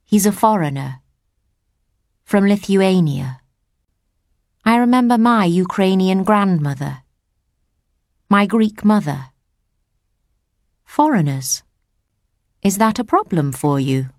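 A woman reading a first-person audiobook story in a plain, measured way. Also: medium pitch, lively intonation, a little mellow, dry recording, studio quality. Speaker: audiobook narrator. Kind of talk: scripted first-person narration.

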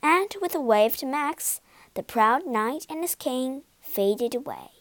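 Lively woman reading a ghost story. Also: high voice, slow, no echo. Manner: lively, expressive reading, whispering some lines. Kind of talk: children's story reading with character voices.

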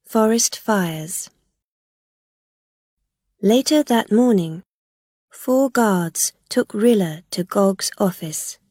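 A woman narrating a graded reader audiobook in a slow, careful, clearly paced way. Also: medium pitch, lively intonation, darkish tone, no echo, studio quality.

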